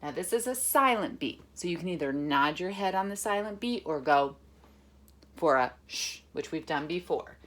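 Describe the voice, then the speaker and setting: A woman music teacher reading a picture book aloud to children, chanting words in a steady rhythm and giving patient, step-by-step instructions. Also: fairly low pitch, moderate pace.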